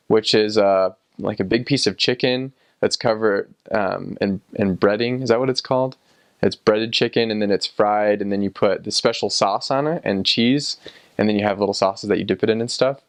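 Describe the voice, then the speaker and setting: Young guy rambling about his mission days, lots of ums, lowish voice, dry close mic. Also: no echo. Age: young adult. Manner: relaxed and rambling, many ums and restarts, chuckles often. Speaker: returned missionary. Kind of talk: casual personal recollection.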